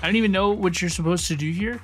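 A male streamer with a notably high voice talks casually to his chat while playing. He thanks viewers warmly by name and complains openly about the game's design. Faint game music runs underneath. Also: fast. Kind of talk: casual gameplay livestream chat.

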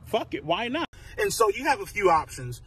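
A man's voice: high voice, huge pitch swings, normal speed, a bit bright, husky. A man ranting to the camera in short clips, crude and brash, swearing constantly. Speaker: social media personality.

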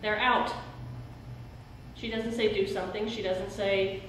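A woman's voice: medium pitch, little pitch movement, moderate pace, darkish tone, slight background noise. A middle-aged woman pastor preaching an earnest, emphatic sermon in a church sanctuary. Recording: very echoey church hall, speaker far from mic.

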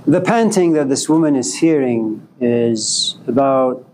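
A man giving a storytelling lecture to a class, wry and joking, in an unhurried way. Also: mid-range voice, animated, darkish tone, slight background noise. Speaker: philosophy lecturer.

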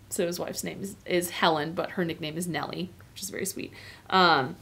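A woman's voice: on the low side, steady tone, fairly quick, creaky, a bit bright. A woman teacher giving an informal, chatty lecture on a novel, with many fillers and asides. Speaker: literature teacher.

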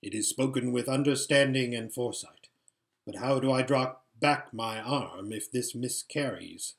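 A man voicing a shrewd old male emperor who speaks in a dry, measured, sardonic way. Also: medium pitch, lightly acted.

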